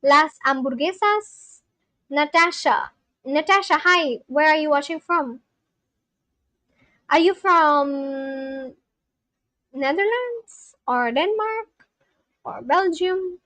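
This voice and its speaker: High-voiced chatty woman streamer. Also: expressive, takes it slowly, pauses often, sharp tone, no room sound, low-quality recording. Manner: chatty, reads viewer comments aloud and asks them questions. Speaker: live-streamer learning a language. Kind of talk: casual live-stream chat.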